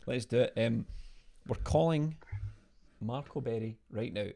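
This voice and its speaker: A man's voice: medium pitch, moderate pace, vocal fry, pauses often, a little mellow. A Scottish man co-hosting a live fan stream from home, joking, laughing a lot and reading out viewer comments. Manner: jokey, laughs often, Scottish slang. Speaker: podcast co-host. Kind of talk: lively live-stream banter. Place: home video call.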